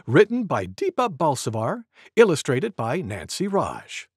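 A man's voice: on the high side, a little slow, slight background noise. Mister Goose, a man doing a singsong storytelling goose. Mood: cheerful. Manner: expressive, sing-song, lots of sound effects. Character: friendly male goose storyteller for preschoolers. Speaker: children's storyteller. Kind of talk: reading a picture book aloud to toddlers.

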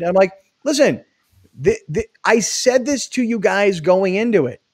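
A male talk show host with a somewhat higher voice, talking in an animated, storytelling way. He slips into quick impressions of other people. The sound comes through a video call. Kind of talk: casual chat.

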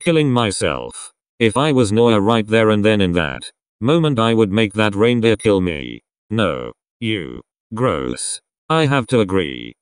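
A young man giving casual reaction commentary in a rambling, sarcastic way with quick asides. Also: on the low side, smooth, no room sound, clean studio sound. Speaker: reaction video host.

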